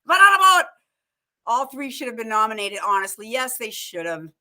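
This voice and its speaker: A woman hosts a casual live chat, her voice bright and forceful. She is excitable, laughs often, and breaks into quotes of film lines as she talks. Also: on the high side, a little fast. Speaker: show host.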